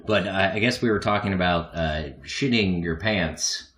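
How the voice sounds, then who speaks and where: A man's voice: low-pitched, normal speed, a bit bright. A man co-hosting a podcast, telling a long self-mocking story in a rambling, casual way and laughing often. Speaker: podcast co-host. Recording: echoey room.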